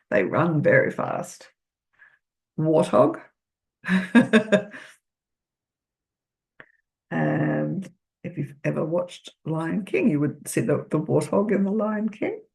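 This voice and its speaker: An older woman reading a children's picture book aloud, gently asking the listener questions. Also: low voice, expressive, a little slow, creaky.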